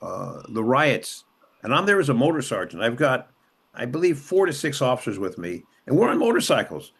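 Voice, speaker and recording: Older man, from Los Angeles, interview guest, impassioned storytelling, emphatic repeated phrases, voice rising and falling with emotion, middle-pitched. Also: very animated, normal speed, vocal fry, a bit bright, slightly rough. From Los Angeles, USA. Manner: emotional retelling, voice rising and dropping sharply. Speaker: interview guest, former police officer and city councilman. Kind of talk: conversational storytelling.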